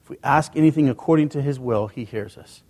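A man's voice: medium pitch, brisk, darkish tone, big-room sound. A male pastor preaching a sermon in a church, talking to the congregation in a conversational way with rhetorical questions. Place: church sanctuary.

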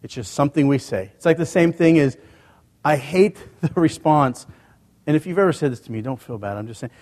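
A man's voice: fairly high pitch, lively intonation, a little fast, a little mellow. Man preaching in a reverberant church. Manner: conversational preaching with rhetorical questions. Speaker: pastor. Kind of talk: sermon. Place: church sanctuary.

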